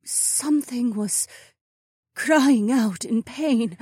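A man's voice: very high voice, very slow, darkish tone, husky, no echo, studio quality, voice pushed up, full character voice. A man voicing an exhausted young phoenix woman who talks in faltering, stammering bits. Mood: dazed.

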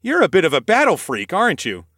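A man's voice: sits high, very animated, a little fast, fairly bright tone, no echo, studio quality, voice pushed up. A man voicing a brash young brawler who loves a fight, speaking in a playful, teasing way in an audiobook. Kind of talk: audiobook character voice.

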